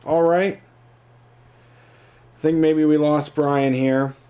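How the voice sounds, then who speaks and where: A man's voice: a little high, fairly even intonation, slow, warm tone. Jokey man co-hosting a talk show. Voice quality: jokey, riffs into mock scenarios. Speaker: podcast co-host. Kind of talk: casual comedic chat.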